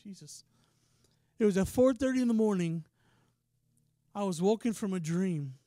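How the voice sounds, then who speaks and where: A man preaching a sermon in a casual, passionate way, often saying "man" and swinging from quiet talk to shouting. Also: high voice, animated, moderate pace, no room sound, clean studio sound.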